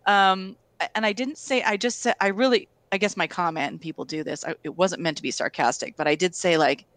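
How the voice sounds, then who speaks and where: A woman talking casually, telling stories in a candid, animated way with lots of fillers. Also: fairly low pitch, fairly quick, no echo. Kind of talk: casual conversation.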